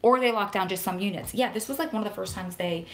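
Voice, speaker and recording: A fast-talking, medium-pitched woman from New Jersey chats on a casual live stream as a vlogger and prison wife advocate. She's excitable and rambling, and the room she's in is echoey.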